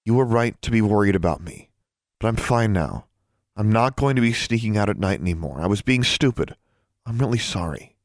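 A man's voice: medium pitch, sing-song, moderate pace, hardly any pauses, dry recording, clean studio sound. A man voicing a stubborn but kind teenage girl at a school for witches, speaking earnestly and directly.

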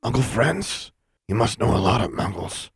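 A man voicing a creepy old wizard prisoner with a gravelly, leering voice. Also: lowish voice, big pitch swings, normal speed, no room sound, studio quality, pitched above the performer's own voice, heavily acted.

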